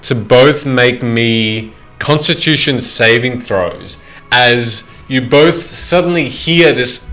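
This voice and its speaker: Unhurried man running a tabletop game. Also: mid-range voice, sharp tone. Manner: halting, restarting descriptions. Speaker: game master.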